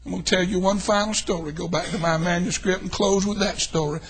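An older man preaches a revival sermon in a church, telling folksy stories and swinging between hushed tones and shouting. His voice is high with a steady tone, and he talks fast.

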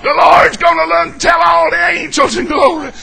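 A man preaching a fervent, folksy sermon in a church, shouting and whooping as he jokes with the congregation. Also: very high-pitched, flat delivery, moderate pace, vocal fry, noisy background. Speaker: pastor.

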